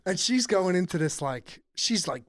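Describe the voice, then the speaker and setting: A man's voice: sits high, expressive, moderate pace, fairly bright tone, no echo, studio quality. A young man co-hosting a podcast in casual chat, telling stories animatedly, laughing often and saying "dude" a lot. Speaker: podcast co-host.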